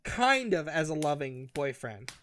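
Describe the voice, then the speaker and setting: A man's voice: fairly high pitch, big pitch swings, unhurried, fairly bright tone, a little hiss or hum. A man hosting a casual comedic book review, rambling and exasperated, swearing freely. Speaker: podcast host.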